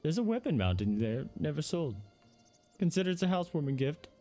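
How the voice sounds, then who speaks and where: A flamboyant middle-aged builder salesman, as a man puts him on, croons his pitch in a high, swooping, smarmy voice. The lilt rises and falls all over the place, with faint game music under it. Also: sing-song, a little fast, dark tone.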